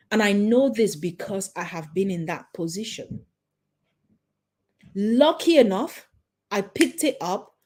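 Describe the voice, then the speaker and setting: A woman's voice: medium pitch, a little mellow. A woman in her forties giving a motivational talk to parents as a parenting coach, emphatic, repeating her points and asking the listener questions. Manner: checks in with "okay?".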